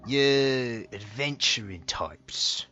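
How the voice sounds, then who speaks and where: Man playing blunt, dismissive dwarf captain, low and bright. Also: animated, a little slow, highs cut off, exaggerated voice. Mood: gruff. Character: gruff one-eyed male dwarf captain, rude.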